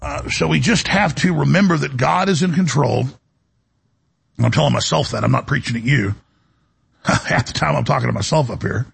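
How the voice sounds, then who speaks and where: Gravelly, raspy male radio host. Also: medium pitch, moderate pace. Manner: rambling, indignant, with frequent restarts. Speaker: talk show host. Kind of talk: talk radio monologue.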